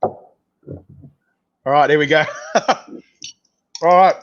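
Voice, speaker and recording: A man's voice: a little high, very slow. Chatty Australian man, muffled sound. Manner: laid-back, chatty, many "mate"s and restarts. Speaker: host. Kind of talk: casual chat with a guest.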